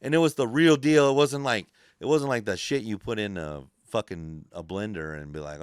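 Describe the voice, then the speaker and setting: Male podcast host, casual storyteller, lots of swearing, crisp tone. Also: on the low side, moderate pace, no echo, clean studio sound. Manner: profane, rambling, animated storyteller.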